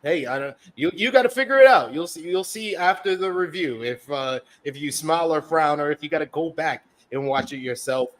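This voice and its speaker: A man's voice: on the high side, brisk, hardly any pauses. A man hosting a casual wrestling review podcast, reading viewer chat messages aloud in a chatty way. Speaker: podcast host. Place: based in the UK.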